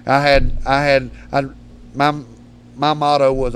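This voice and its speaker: A rough-spoken man telling long, rambling tales in a casual studio chat. His voice sits at an ordinary middle pitch, and a faint hum hangs behind him. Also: flat delivery, measured pace. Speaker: podcast guest, predator hunter. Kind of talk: casual storytelling.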